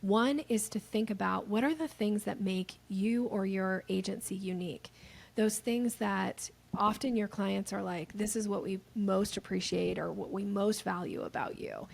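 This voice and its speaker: A woman guest on a podcast explains sales techniques in a lively, animated way, acting out the voices of people she quotes. Her voice is gravelly and medium-pitched, at a moderate pace.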